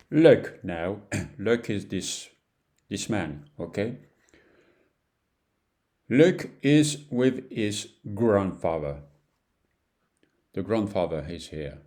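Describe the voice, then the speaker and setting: French-accented male teacher, slow and patient, dark low voice, beginners' lesson. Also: sing-song. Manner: patient, repeats phrases, broken English.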